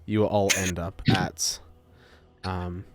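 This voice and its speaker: A man's voice: sits low, level tone, slow, noisy background. A man running a tabletop game as game master, hesitant and full of ums and uhs as he rules.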